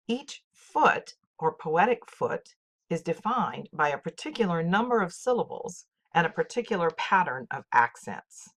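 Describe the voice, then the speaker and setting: A woman teaching, reading a scripted poetry lesson in a clear, measured way and reciting poems with marked rhythm. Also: low voice. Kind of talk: scripted educational narration.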